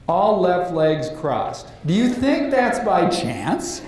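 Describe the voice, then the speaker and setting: A man giving a lively live seminar to an audience, asking the room questions and acting out quotes. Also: sits high, slow. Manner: animated, acts out quotes, asks the room questions. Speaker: leadership trainer. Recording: very echoey room, faint noise.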